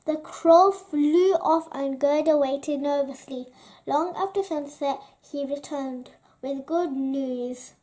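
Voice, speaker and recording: Slow, high-voiced woman storyteller. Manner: slow, expressive narration. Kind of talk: children's book read-aloud.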